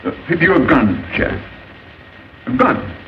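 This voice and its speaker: A man's voice: on the high side, wildly swooping pitch, unhurried. A fussy professor who lectures in a sing-song voice that rises and falls a lot. The sound is dull and lo-fi with faint hiss, and he sits a little back from the mic. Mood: lecturing. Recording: distant, hissy early sound film.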